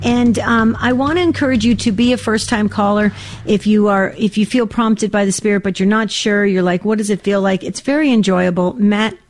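A woman's voice: mid-range voice, fairly even intonation, moderate pace. A woman co-hosting a call-in radio show in a studio, speaking earnestly with some ums and restarts. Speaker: radio talk show co-host. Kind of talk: casual call-in radio talk. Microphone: studio mic.

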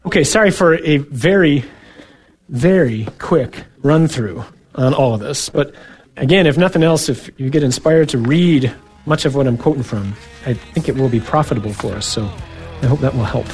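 A male priest giving a sermon in an earnest, conversational way, with soft asides. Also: mid-range voice, moderate pace, husky, soft background music.

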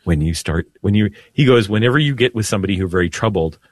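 A man, a priest co-hosting a Catholic radio talk show, speaking calmly and earnestly, often dropping his voice to soothe. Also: quick pace, no room sound. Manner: calm, lowers voice to soothe, earnest.

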